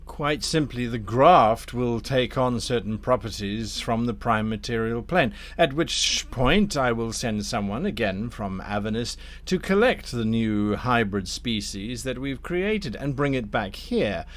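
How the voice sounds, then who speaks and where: A man's voice: medium pitch, lively intonation, a little slow, few pauses, lightly acted. Man playing a silky scheming devil. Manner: polite, silky, courteous menace. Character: smooth scheming male devil dealmaker.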